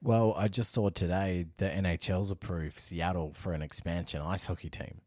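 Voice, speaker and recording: Low-voiced Australian podcast co-host. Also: male voice, steady tone, moderate pace, a little mellow, no room sound, studio quality. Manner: chatty and self-mocking, laughs often. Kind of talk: casual chat.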